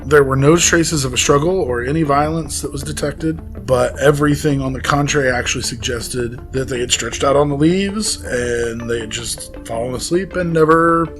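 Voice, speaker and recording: A man's voice: mid-range voice, normal speed, hardly any pauses, over music. A man co-hosting a podcast, casually retelling a case with fillers and laughs. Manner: conversational storytelling with fillers and laughs. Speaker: podcast co-host. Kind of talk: casual chat.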